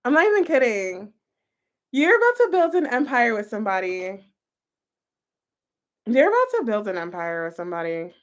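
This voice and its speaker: High-voiced gushing woman. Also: sing-song, moderate pace, pauses often. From United States. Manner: gushing, chatty, full of "like" and "you guys". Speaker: tarot reader. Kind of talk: casual tarot reading to camera.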